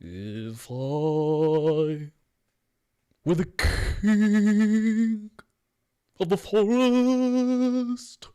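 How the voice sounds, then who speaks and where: A man voicing a timid, blustering male lion with a high, loud, sing-song delivery. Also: expressive, moderate pace, few pauses, close to an everyday voice.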